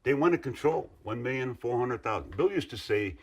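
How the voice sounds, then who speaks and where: A man's voice: mid-range voice, lively intonation, fairly quick, breathy edge. A middle-aged man in an interview, recounting past events in a rambling, earnest way with restarts and asides. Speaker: interviewee, former union member. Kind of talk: interview recollection.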